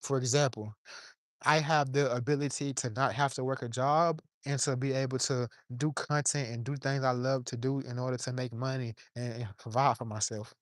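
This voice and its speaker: A man's voice: medium pitch, fairly even intonation, moderate pace, no echo, studio quality. A man giving an impassioned, profane monologue to camera from his yard, preaching in plain street talk while a little under the weather. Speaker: vlogger.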